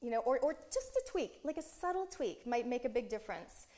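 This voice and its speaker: A middle-aged woman from Canada, a guest giving business tips in a lively, enthusiastic, self-deprecating chat. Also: a little high, fairly quick. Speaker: guest, speaker coach. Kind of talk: casual talk show chat.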